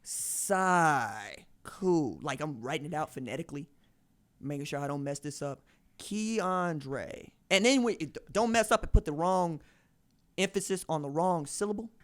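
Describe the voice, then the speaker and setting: Animated man hosting a sports podcast. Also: a little high, fairly quick. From Tulsa, Oklahoma. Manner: animated, storytelling with quoted voices and laughs. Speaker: podcast host. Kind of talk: casual sports chat.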